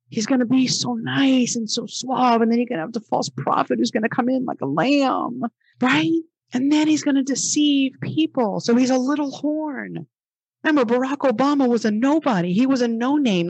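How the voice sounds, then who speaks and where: Husky-voiced woman, emphatic podcast host. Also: fairly high pitch, dry recording. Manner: emphatic and exasperated, repeats phrases for stress; reads passages aloud and rebuts them. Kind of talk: religious commentary podcast.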